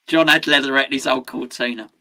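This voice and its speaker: This football watchalong host talks at a normal pace in a medium-pitched, sharp voice with fairly even intonation. Chatting casually on his live stream, he reads out viewers' messages, laughs a lot, and occasionally bursts out suddenly.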